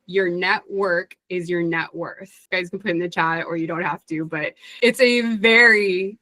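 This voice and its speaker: Woman webinar presenter, lowish voice, dry close mic, chatty and animated. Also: no echo, rough recording. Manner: chatty, animated, acts out quoted dialogue. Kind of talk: career advice webinar talk.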